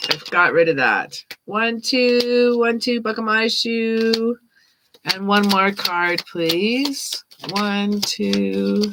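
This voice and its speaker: A woman's voice: medium pitch, creaky, noisy background. A woman giving live-stream tarot readings, chatting casually with viewers, thanking them by name and laughing often. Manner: chatty, reads chat names aloud, laughs often. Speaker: tarot reader.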